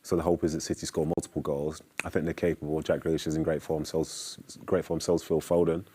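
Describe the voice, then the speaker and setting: A man's voice: rumbling low, level tone, fast, dark tone, slightly rough. A man giving football punditry in casual chat, thoughtful and a bit teasing.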